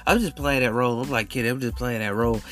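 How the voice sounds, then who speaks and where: A man's voice: medium pitch, quick pace, fairly bright tone, soft background music. A man hosting a podcast, telling a story in a casual, emphatic way, full of slang and repeated phrases. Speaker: podcast host.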